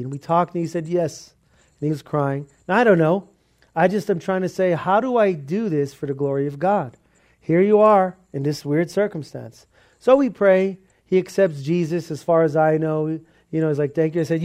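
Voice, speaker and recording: A man preaching a casual, animated sermon, telling a story and acting out the dialogue. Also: a little high, moderate pace. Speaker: pastor.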